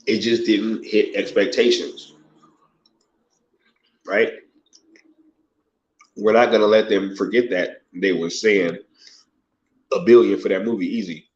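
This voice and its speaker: During a relaxed live stream, a man with a low voice reads viewer comments and responds in laid-back slang, often adding "yo" and "right?". He speaks slowly with frequent pauses, and the stream audio sounds dull and lo-fi.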